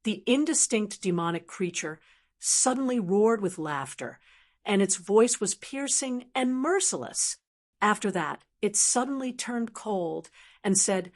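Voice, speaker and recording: A woman narrating a fantasy novel audiobook in a steady, even storytelling manner. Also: medium pitch, unhurried. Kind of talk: scripted narration.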